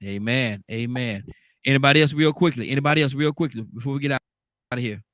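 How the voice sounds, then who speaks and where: A man's voice: medium pitch, fast talker, a bit bright, no room sound, studio quality. A man hosting a radio talk show, laid-back and teasing, often repeating himself. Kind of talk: casual radio panel chat.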